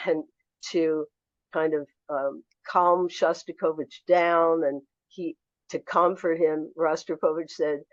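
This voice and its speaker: Low-voiced older woman telling stories. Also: slow, no echo, dull audio. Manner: animated anecdotal storyteller. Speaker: memoir author guest. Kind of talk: storytelling in a podcast interview.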